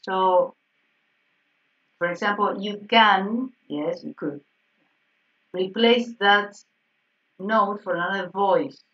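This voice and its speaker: A woman piano teacher explaining harmony exercises in an online group lesson, checking in with frequent "yes?" and soft laughs. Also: mid-range voice, slow, pauses often. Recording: slightly dull, distant online call audio.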